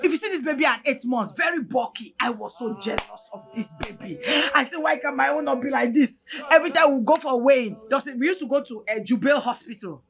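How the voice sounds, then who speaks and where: A woman from Cameroon with a Cameroonian English accent, giving an emotional personal testimony in a dramatic, animated way, often near tears. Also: sits high, quick pace, hardly any pauses. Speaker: guest telling her story. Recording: dull lo-fi audio with faint music.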